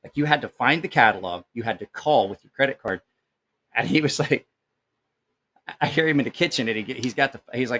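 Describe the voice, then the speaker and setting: A man in his forties talks at a middling pitch. He chats casually on a live stream, drifting from one story to the next and dropping curse words without a second thought. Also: a little fast, long pauses, fairly bright tone, a little hiss or hum. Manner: rambling storyteller who swears freely. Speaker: knife channel host. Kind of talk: casual live-stream chat, reading comments.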